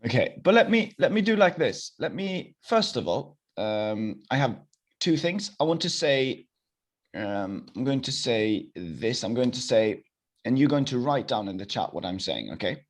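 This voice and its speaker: A young man teaching a live online language class over a video call, encouraging and repeating phrases slowly. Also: medium pitch, big pitch swings.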